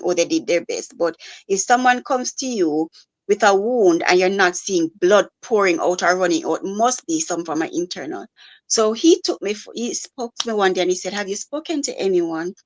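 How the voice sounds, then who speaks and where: A grieving mother, talking softly and haltingly with many pauses and fillers. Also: on the low side, lo-fi sound. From Jamaica. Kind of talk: live-stream conversation.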